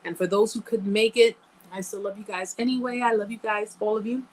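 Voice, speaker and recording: Chatting casually with her livestream audience, this woman stresses her points by repeating phrases and thanks viewers by name. Her mid-range voice holds a steady tone at a slightly fast pace. Audio quality is low.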